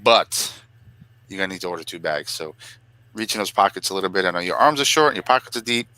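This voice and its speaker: A man's voice: animated, fast talker, sharp tone, clear, resonant tone, rough recording. A man co-hosting a casual talk show, joking through a sponsor read in a playful, mock-emotional manner. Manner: jokey, mock-emotional, voice jumping high when clowning. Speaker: podcast co-host reading a sponsor ad.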